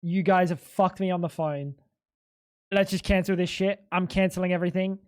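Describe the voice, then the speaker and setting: A man's voice: sits high, fairly even intonation, normal speed, darkish tone. Ranting man streaming. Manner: ranting, profane, exasperated. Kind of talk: casual live-stream chat.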